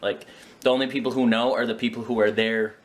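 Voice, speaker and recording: A man's voice: mid-range voice, level tone, fast. A man talking casually in a home vlog, chatty and self-mocking, with a kitchen around him. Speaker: vlogger.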